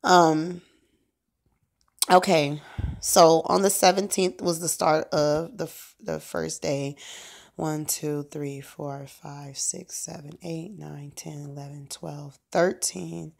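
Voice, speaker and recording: A woman's voice: deep voice, fairly even intonation, takes it slowly, gravelly. A woman talking casually on a phone livestream as a prayer minister, meandering with lots of fillers and asides.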